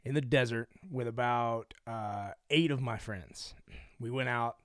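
A man co-hosting a casual chat, asking short questions and then telling his own story at a measured pace. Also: medium pitch, a bit bright, dry recording, studio quality.

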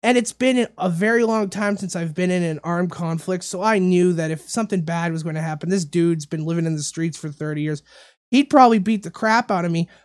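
A man hosting a casual talk show, telling a story in a rambling, animated way and repeating his words. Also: high-pitched, a little fast. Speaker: radio show host. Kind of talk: casual podcast chat, storytelling.

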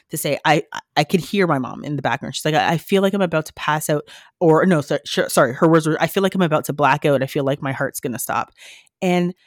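A woman nurse on a podcast, telling a story in a lively way and acting out the lines of the people in it. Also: deep voice, no room sound, clean studio sound. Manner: animated storytelling, acting out quoted dialogue. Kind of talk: casual podcast conversation.

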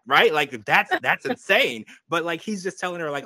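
A man hosting a podcast, chatting casually and giving his opinions while quoting people in quick asides. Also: a little high, sing-song, pushed and bright, husky, dry recording. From United States. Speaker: podcast host. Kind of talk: casual recap chat.

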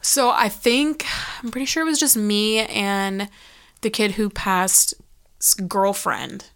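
A woman's voice: mid-range voice, takes it slowly, a bit bright, clean tone. A woman telling a story as a podcast guest, blunt and full of swearing, acting out her own past lines. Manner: blunt, heavy swearing, quotes herself dramatically. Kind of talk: casual storytelling.

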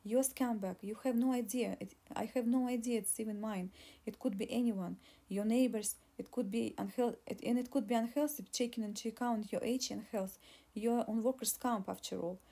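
Give me a woman reading as an insistent, tearful young pregnant woman in an audiobook, mellow and husky. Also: a little high, fairly even intonation, a little fast. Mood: pleading. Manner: pleading, insistent.

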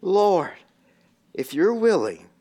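A man acting out a dying leprous man who begs on his knees in a quiet, raspy plea. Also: sits high, big pitch swings, slow pace, heavily acted. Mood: pleading.

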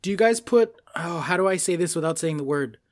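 Animated New man, casual chat. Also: on the high side, fairly quick. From New York. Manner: animated, laughing, swears freely.

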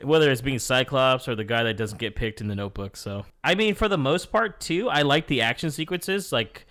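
A man with a lingering cough reviews a movie in relaxed podcast chat. His voice is bright and swings widely in pitch. He swears freely and laughs often. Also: a little fast. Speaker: podcast co-host.

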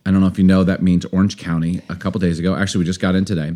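A man's voice: low voice, flat delivery, very fast, warm tone. A middle-aged man co-hosting a podcast in casual chat, playful and theatrical, hopping between jokes. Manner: playful and dramatic, jumps from joke to joke. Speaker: podcast co-host.

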